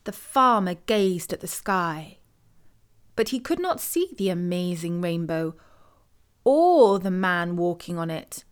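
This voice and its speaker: A woman's voice: lowish voice, big pitch swings, slow pace, clean tone. Woman narrating a storybook tale.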